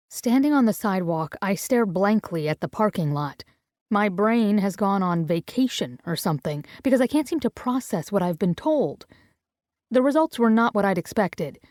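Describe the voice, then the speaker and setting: A young woman reads a first-person romance audiobook, close and intimate. Her voice sits mid-pitch and sounds dry and close with no room echo. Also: darkish tone. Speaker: audiobook narrator.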